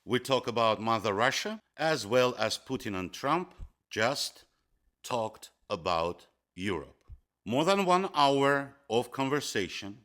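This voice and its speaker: A man's voice: mid-range voice, big pitch swings, slow pace, fairly bright tone. A man giving a political commentary monologue, emphatic and hammering key words, speaking in broken English phrasing.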